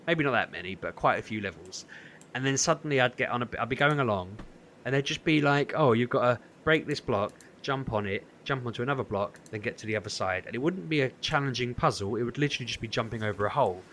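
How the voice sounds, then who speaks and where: A man's voice: mid-range voice, a little hiss or hum. A man, co-hosting a podcast, telling a story in casual chat and acting out what people said. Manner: animated storytelling, acts out quotes. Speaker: podcast co-host.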